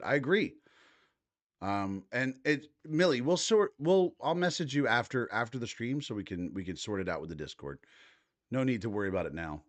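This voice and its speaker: A man's voice: medium pitch, sing-song, moderate pace. A man in his thirties hosting a livestream, reading posts aloud and reacting with casual, profane commentary. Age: 30s. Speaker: livestream host.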